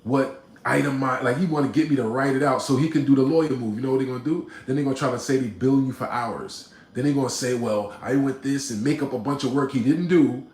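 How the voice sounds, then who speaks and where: A man casually telling a personal story to his live chat, animated and slangy, often checking in with "right?". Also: medium pitch, fast talker, hardly any pauses, echoey room.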